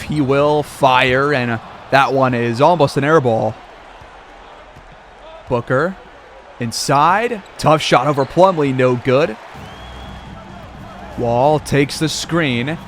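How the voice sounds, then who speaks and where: A man's voice: medium pitch, slow pace, pauses often, soft background music. A man calling a simulated basketball game play-by-play like a sportscaster, with casual asides. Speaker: gaming video creator.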